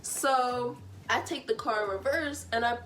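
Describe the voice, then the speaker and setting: A woman in her twenties telling a story from home in a chatty, animated way. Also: on the high side, measured pace, slight background noise. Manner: animated and chatty, full of fillers. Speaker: vlogger. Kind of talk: casual storytime.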